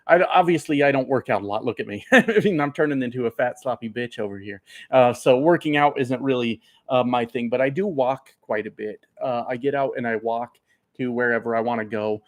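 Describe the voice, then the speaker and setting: A man who drives trucks chatting casually with viewers, rambling and swearing, a bit tipsy from beers. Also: medium pitch. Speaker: trucker streamer. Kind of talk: casual live chat answering viewers.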